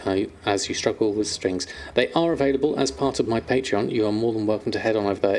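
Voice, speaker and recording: A man with a fairly low voice chats on a live stream, reading viewer questions aloud and answering them with plenty of ums and fillers. It's casual live-stream talk with slight background noise.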